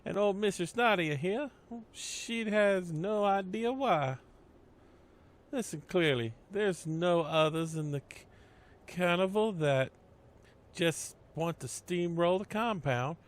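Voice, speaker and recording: A man's voice: high-pitched, animated, takes it slowly. A man voicing an old Southern woman who leads a carnival of mystics, with a folksy, drawling, cryptic manner and a Southern US accent. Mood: urgent.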